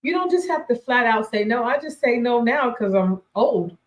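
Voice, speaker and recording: A woman in her forties hosts a faith-based radio talk show, her slightly high voice moving at a moderate pace with lively intonation. She speaks emphatically, repeats her key points and laughs often, heard through a lo-fi, roomy, echoey recording.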